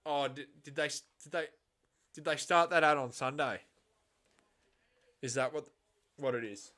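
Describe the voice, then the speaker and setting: Hosting a casual live reaction stream of a match, this man swings from quiet muttering to loud, exasperated outbursts and blunt swearing. His voice sits on the high side and his speed is normal.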